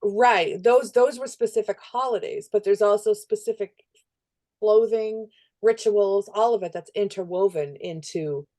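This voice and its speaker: A woman's voice: mid-range voice, measured pace, dark tone. A woman chatting on a podcast, thinking aloud and restarting her sentences often. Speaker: podcast co-host or guest. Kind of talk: casual podcast chat.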